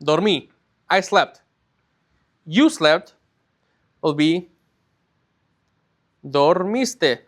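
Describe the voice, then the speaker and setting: A man with a fairly high-pitched voice teaching a recorded language lesson. He explains patiently step by step, often slowing down to stretch out key words and checking that his students follow along. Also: animated. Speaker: Spanish teacher.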